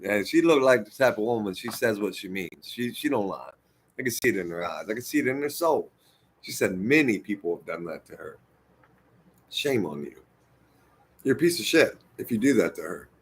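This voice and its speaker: A man from the United States talking straight to his viewers in a heated, profane monologue, swinging between loud outbursts and muttered asides. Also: lowish voice. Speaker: vlogger. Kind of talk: impassioned monologue to camera.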